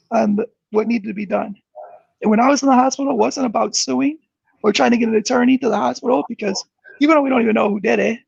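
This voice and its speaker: High-voiced gravelly man, muffled sound. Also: dry recording. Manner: earnest, searching, many restarts. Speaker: guest. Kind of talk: reflective interview talk. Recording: dull muffled low-fidelity sound.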